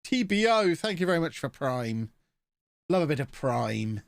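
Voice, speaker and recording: A man's voice: a little high, very animated, moderate pace, vocal fry, dry recording. A man with a blocked nose, chatting and joking through a live-streamed game commentary as he reacts to his chat.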